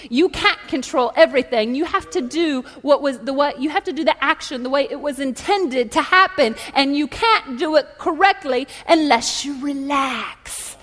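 Insistent Scottish tennis coach, as a woman puts him on, repeated shouted commands, high voice, echoey hall. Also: lively intonation, moderate pace, hardly any pauses. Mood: instructive.

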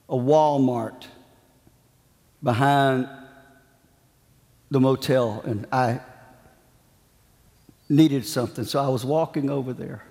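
A man's voice: mid-range voice, warm tone, in a large hall. A man preaching a sermon, telling a story with dramatic, emphatic repetitions.

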